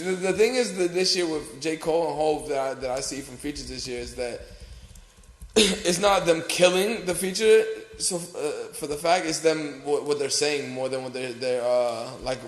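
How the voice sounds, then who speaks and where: A man's voice: fairly high pitch, reverberant. A man co-hosting a podcast, chatting casually and profanely about music, often talking over his co-host. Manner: loose, profane, talks over others.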